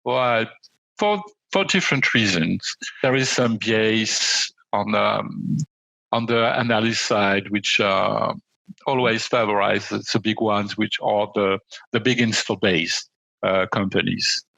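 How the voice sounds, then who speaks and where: A man with a French accent, French his first language, answering as a podcast guest in a hesitant way with many pauses and fillers. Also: fairly low pitch, creaky, bright, forceful tone, no echo, low-quality recording. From France. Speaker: magazine editor and awards judge.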